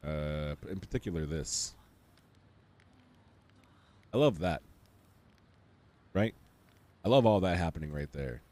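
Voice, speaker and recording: A man streaming a video game, giving casual commentary with wry, sarcastic asides and sudden excited outbursts. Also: very deep voice, takes it slowly, long pauses.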